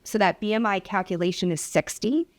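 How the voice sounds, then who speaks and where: A woman's voice: medium pitch, a little fast. A woman physician who specializes in obesity, presenting at a public hearing and telling a patient story with acted-out dialogue. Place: hearing room.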